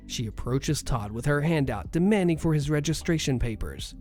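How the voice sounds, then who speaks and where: A man narrating a first-person story in a steady retelling manner. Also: medium pitch, brisk, hardly any pauses, soft background music.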